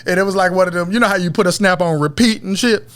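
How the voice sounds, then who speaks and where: A man's voice: high-pitched, fast talker, a bit bright. A man co-hosting a podcast, trading teasing, profane stories and laughing at them. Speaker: podcast co-host. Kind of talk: casual podcast banter.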